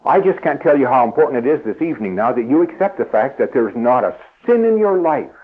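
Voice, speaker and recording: A male preacher with a husky, slightly breathy voice delivers an evening sermon to a seated church congregation. He leans on key phrases, slowing down and lifting his pitch, and drops to a hushed, unhurried tone when leading prayer. The sound is thin and narrow, like an old phone-line broadcast. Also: big pitch swings. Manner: earnest, stresses key phrases by slowing and rising.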